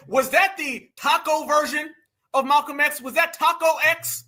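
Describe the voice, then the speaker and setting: A male host reacts to clips with mocking indignation and often speaks straight to his viewers. His voice is very high and bright, and it rises and pushes hard when he gets worked up. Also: measured pace. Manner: mocking, indignant, animated, addresses viewers as family. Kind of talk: casual commentary on video clips.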